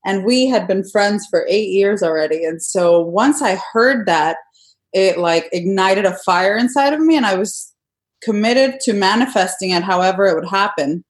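A woman's voice: medium pitch, lively intonation, normal speed. Woman earnestly telling her love story. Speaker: guest. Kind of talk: casual storytelling in a conversation.

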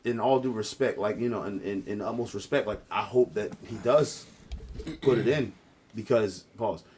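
A man on a podcast talking things through in casual chat, hedging and trailing off softly. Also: fairly low pitch, normal speed. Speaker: podcast co-host.

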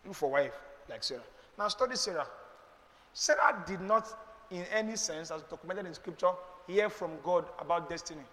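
A man's voice: high voice, animated, normal speed, long reverb tail. A middle-aged man with a Nigerian accent, preaching emphatically and rhetorically as a pastor answering questions in a church. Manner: emphatic, rhetorical, preacherly, with sudden loud bursts.

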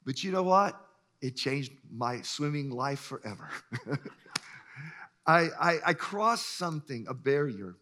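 Animated, bright-voiced male pastor. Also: medium pitch, a little slow, long pauses. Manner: animated storyteller, acts out voices, chuckles often. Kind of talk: sermon with stories.

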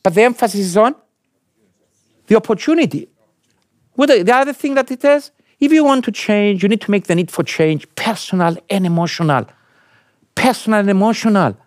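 A man's voice: brisk, pauses often, no echo, clean studio sound. A man lecturing an audience, asking them questions and stressing points emphatically. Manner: asks the audience questions, emphatic rising pitch.

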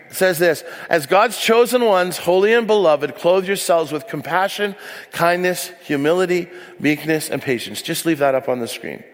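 A man's voice: on the high side, expressive, moderate pace, big-room sound. A man preaching as a pastor, telling candid, self-deprecating stories with frequent asides. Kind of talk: sermon. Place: church hall.

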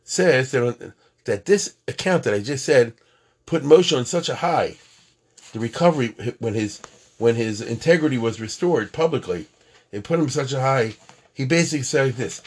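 Husky-voiced man giving a chatty religious lecture. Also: mid-range voice, expressive, a little fast. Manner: chatty, checks in with listeners, counts aloud. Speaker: religious teacher.

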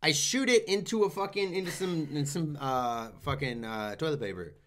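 Bright, lively crude-talking guy. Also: a little high, normal speed. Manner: crude, joking, swears a lot. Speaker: podcast co-host. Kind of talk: casual chat.

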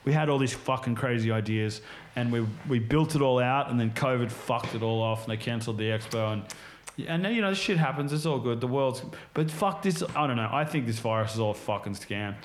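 A man in casual chat, spinning long, rambling stories and swearing nearly every few words. His voice sits in an ordinary middle pitch for a man. The room around him gives it a noticeably echoey, reverberant sound. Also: fairly quick, slight background noise. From Australia. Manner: rambling, heavily profane storytelling full of fillers. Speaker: podcast guest. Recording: roomy echo.

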